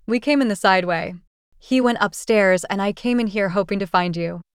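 A woman reading the part of a frank, confident young man who answers coolly, in a smooth, dry voice. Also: mid-range voice, moderate pace, no echo, close to an everyday voice. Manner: cool, self-justifying.

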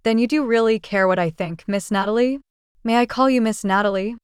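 A woman's voice: fairly high pitch, a little fast, smooth, no room sound, studio quality, natural voice. A woman doing a stammering shy rich man. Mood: hopeful. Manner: stammering, hesitant.

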